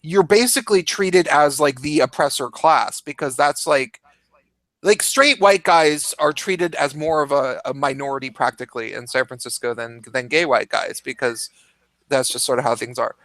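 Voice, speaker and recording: A man's voice: a little high, normal speed, fairly bright tone, no room sound. A man in casual opinionated chat who talks in a heated rush, swears a lot and restarts his sentences often. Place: home, cat nearby.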